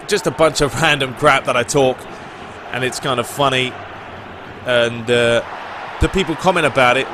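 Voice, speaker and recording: A young British man, a gaming YouTuber, answering viewer questions in a relaxed, rambling chat. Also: medium pitch, background noise. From Britain. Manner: relaxed, rambling, lots of "you know" and "uh". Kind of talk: casual Q&A chat.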